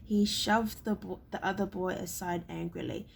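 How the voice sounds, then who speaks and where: A woman reading a novel aloud in a halting way, often stumbling and repeating words. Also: on the low side, fairly even intonation, gravelly, slight background noise. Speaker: reader.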